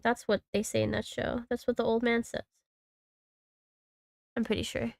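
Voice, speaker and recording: A woman's voice: on the high side, flat delivery, normal speed, creaky, pauses often, a little mellow. A woman in her thirties streaming a game, rambling casually to herself and her chat and swearing freely. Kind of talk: casual gaming commentary.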